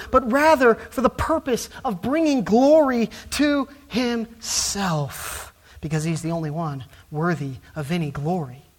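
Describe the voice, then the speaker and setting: Male pastor, sermon delivery, emphatic, soft then loud, rising to fervent peaks. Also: very high-pitched. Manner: emphatic preaching with wide swings from soft to loud.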